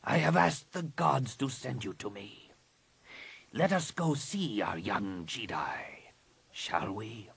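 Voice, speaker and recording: A man voicing a hushed, scheming alien priestess. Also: mid-range voice, animated, gravelly, breathy edge, voice pushed up, full character voice. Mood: menacing, hushed. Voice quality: hushed, partly whispered. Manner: measured and commanding. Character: cold scheming alien woman master shaper. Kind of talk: audiobook reading.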